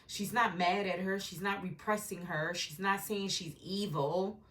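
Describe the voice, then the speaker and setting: A woman's voice: medium pitch, steady tone, a little slow, a bit bright. A woman giving a meandering intuitive tarot reading from home, often adding "right?" as she talks. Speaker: tarot reader. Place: home with a dog nearby.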